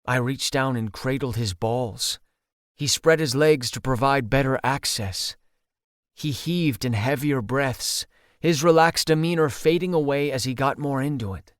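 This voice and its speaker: A man narrating an audiobook in the first person, steady and intimate. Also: mid-range voice, unhurried, dry recording, clean studio sound.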